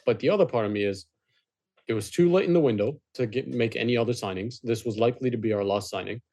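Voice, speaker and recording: A man co-hosting a casual football podcast, talking things through in a measured way with frequent restarts. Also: medium pitch, warm tone. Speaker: podcast co-host.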